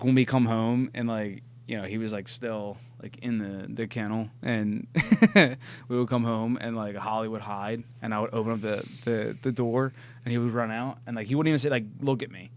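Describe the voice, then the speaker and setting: A young man co-hosting a podcast, casually chatting, laughing often and swearing as he tells animated stories. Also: lowish voice, normal speed. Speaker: podcast co-host. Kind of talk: casual chat.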